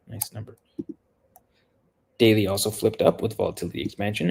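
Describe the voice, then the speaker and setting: A man giving casual, technical market chart analysis, talking quickly and often correcting himself mid-sentence. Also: on the low side, gravelly, a little mellow, slight background noise. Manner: rapid, technical, with self-corrections.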